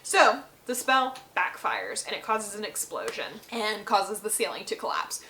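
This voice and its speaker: Chatty, bright-voiced woman recapping a book. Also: medium pitch, sing-song, a little slow, slight background noise, low-quality recording. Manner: chatty, rambling, lots of fillers. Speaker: book channel host.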